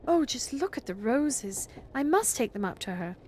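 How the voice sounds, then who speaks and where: A woman's voice: sits high, sing-song, normal speed, a little mellow, slight background noise, pitched above the performer's own voice. A woman doing an eager young girl. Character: earnest eldest girl, warm-hearted.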